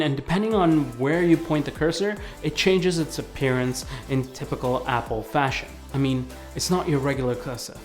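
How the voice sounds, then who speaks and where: A man giving a casual video review of a tablet. He talks in a chatty, excitable way and fills his sentences with "like". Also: a little high. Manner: chatty and excitable, leans heavily on "like". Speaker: tech reviewer.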